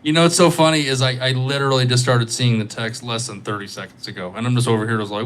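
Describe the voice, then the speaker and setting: A man's voice: medium pitch, fairly even intonation, fast, few pauses, fairly bright tone, a little hiss or hum. Tired, joking man chatting on a livestream. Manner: rambling, joking, playful. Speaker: livestreaming guitarist. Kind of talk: casual live-stream chat with viewers. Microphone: microphone.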